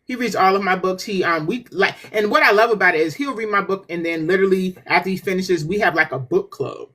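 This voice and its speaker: A woman guest author in a casual podcast chat, an animated storyteller who laughs often. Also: medium pitch, a little fast.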